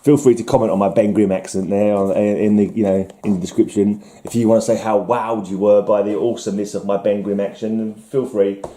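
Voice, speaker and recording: Very dark-voiced rambling comic collector man. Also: fairly low pitch, steady tone, a little fast, hardly any pauses, echoey room. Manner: musing, self-mocking, trailing off. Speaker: comic collector showing a haul. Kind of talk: rambling casual vlog.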